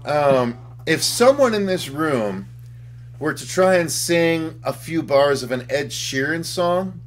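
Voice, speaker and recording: A man co-hosting a casual livestream chat, excitable and profane, reading viewer comments aloud. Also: on the high side, slow pace. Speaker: podcast co-host.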